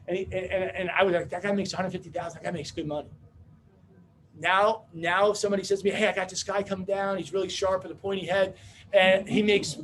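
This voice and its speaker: Male seminar speaker, high voice, brash joking storyteller. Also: slight background noise. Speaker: business opportunity speaker. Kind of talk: motivational seminar talk.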